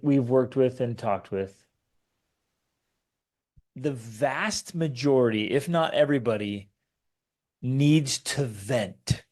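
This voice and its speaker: A middle-aged man co-hosting a family podcast, teaching in a casual way and acting out quotes in raised voices. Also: mid-range voice. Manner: animated storytelling, acts out quotes in raised voices. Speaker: podcast co-host.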